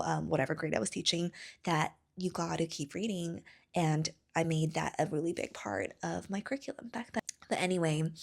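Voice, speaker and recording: A woman in her thirties talks to her viewers about books in a loose, rambling way, full of "um" and "like". Her voice sits low for a woman and drags into a gravelly fry. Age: 30s. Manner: rambling and chatty, many fillers. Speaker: book vlogger. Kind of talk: casual chat to camera.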